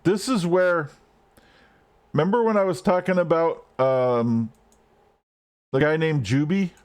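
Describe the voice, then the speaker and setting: A man's voice: fairly high pitch, unhurried, clean tone. A man streaming gameplay live, ranting and swearing at the game as he plays. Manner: frustrated, swearing, rants at the game.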